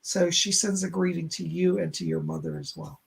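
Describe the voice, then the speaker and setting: A man's voice: on the high side, fairly even intonation, normal speed, gravelly, breathy edge. A man hosting a live stream as a psychic medium, chatting reassuringly as he reads chat questions aloud and passes on messages. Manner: chatty and reassuring, with many "and she said" asides.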